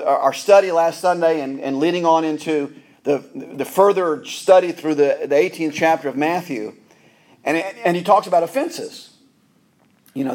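A middle-aged man preaches to his congregation in a somewhat high voice. He is earnest and often doubles back, repeating a word before he finds the rest of his sentence. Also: a little mellow. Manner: earnest, repeats words and restarts phrases. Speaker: pastor. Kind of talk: sermon.

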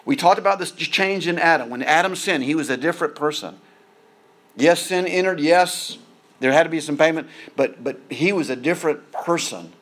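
A man's voice: on the high side, moderate pace, a bit bright. A man preaching a sermon in an earnest way, often repeating words as he builds emphasis.

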